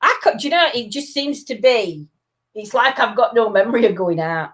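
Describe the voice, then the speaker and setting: A woman's voice: on the high side, expressive, normal speed, fairly bright tone. A woman chatting casually on a live stream, reading out viewer comments. She laughs often and drops her articles. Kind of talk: casual chat.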